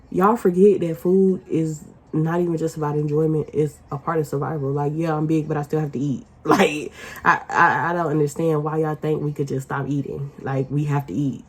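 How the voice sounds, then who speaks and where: A woman vlogger ranting casually to the camera, blunt and profane, with loud emphatic outbursts. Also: sits low, husky.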